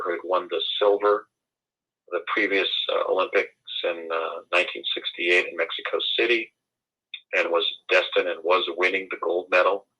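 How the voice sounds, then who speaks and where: Man from the US, interview guest, indignant, formal wording, bright, low voice. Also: rough recording. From United States. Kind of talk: conversational interview.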